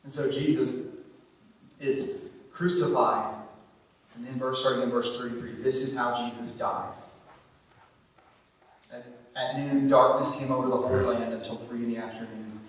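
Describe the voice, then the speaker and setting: A man preaching a sermon as pastor, swinging from emphatic, raised bursts down to low, quiet stretches. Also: steady tone, moderate pace, pauses often. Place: church sanctuary. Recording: echoey church from far off with faint noise.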